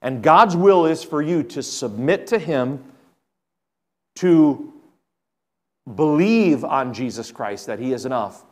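A middle-aged man preaching a sermon, telling a family story and then pleading earnestly, rising to emphatic peaks and falling back soft. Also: fairly high pitch. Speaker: pastor.

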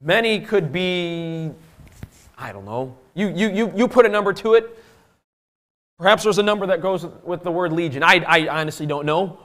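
A male preacher giving a sermon, reading scripture aloud and swinging between loud emphasis and hushed, drawn-out phrases. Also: sits high. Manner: reads scripture in old-fashioned biblical wording.

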